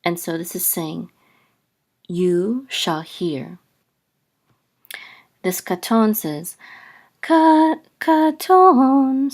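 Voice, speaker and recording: A woman teaching a lesson step by step, pausing often with ums and sometimes singing out syllables. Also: lowish voice, vocal fry, breathy edge. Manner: sings out chanted syllables, many ums and restarts. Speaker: Hebrew teacher.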